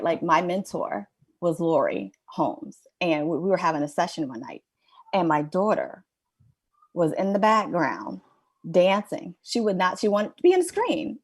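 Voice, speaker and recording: A woman's voice: mid-range voice, breathy edge. A middle-aged woman telling a personal story as a podcast guest, candid and rambling, with many "like"s and "you know"s.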